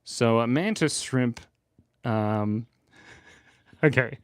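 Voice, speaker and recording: A man's voice: mid-range voice, extremely slow, dry recording, clean studio sound. A man live-streaming himself drawing, chatting playfully and rambling with his viewers from his home in Australia. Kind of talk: casual livestream chat while drawing.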